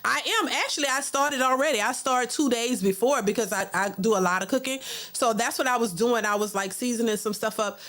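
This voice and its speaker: Chatty woman streamer, slightly high voice. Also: brisk, fairly bright tone. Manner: chatty, repeats words, mimics others in a mocking voice. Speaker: host reading super chats. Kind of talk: casual livestream commentary.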